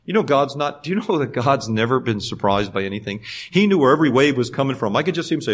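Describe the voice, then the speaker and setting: A man preaches an animated sermon at a fast clip, his medium-pitched voice carrying a breathy edge. He swings between loud passages and hushed ones and acts out the voices he quotes.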